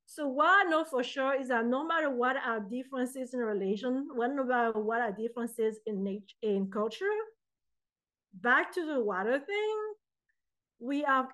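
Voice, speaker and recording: A woman talks as a podcast guest in a lively, expressive way. Her voice sits a little higher than most, and it leaps up when she acts out what other people said. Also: rough recording. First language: French. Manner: animated, acts out quoted voices. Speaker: guest poet and author. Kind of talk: casual interview chat.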